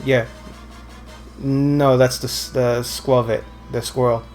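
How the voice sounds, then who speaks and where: A man's voice: medium pitch, flat delivery, slow, a little mellow, faint music behind. A man casually commenting while playing a video game, rambling and correcting himself, with dry teasing jokes. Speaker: let's play co-host.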